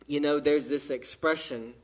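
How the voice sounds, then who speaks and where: A man with a Southern American accent preaching a sermon in church, with emphatic pauses. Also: fairly high pitch, steady tone. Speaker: pastor. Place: church during an evening service.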